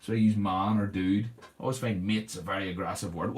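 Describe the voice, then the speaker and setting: A man hosting a casual livestream, chatting with viewers as he paints. He is relaxed and laughs often. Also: lowish voice, fairly quick. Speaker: livestream host. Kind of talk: casual livestream chat reading viewer comments.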